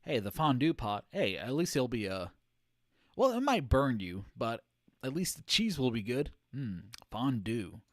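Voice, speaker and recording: A male streamer commenting live on a game, rambling and joking as he goes. His pitch jumps around in a lively way. The sound is dry and close to the mic. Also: unhurried, no echo.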